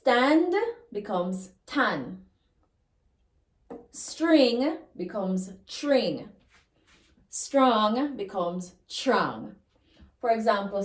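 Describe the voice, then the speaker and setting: Slow Jamaican woman teaching language. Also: mid-range voice, animated. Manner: slow and deliberate, repeats example words, laughs now and then. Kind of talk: lesson explaining pronunciation rules. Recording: echoey room.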